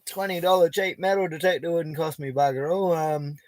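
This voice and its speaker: Broadcasting a relaxed live chat from a bush camp in the outback, this middle-aged Western Australian man talks fairly quickly in a fairly high, slightly mellow voice with fairly even intonation. There's no room sound, and he's blunt, easygoing, and quick to swear.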